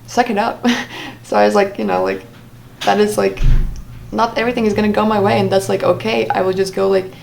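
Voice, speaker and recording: A woman's voice: mid-range voice, level tone, fairly quick, creaky, darkish tone, a little hiss or hum. Young woman rambling through a personal story. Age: young adult. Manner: rambling with frequent fillers and restarts. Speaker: vlogger. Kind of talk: casual storytime monologue.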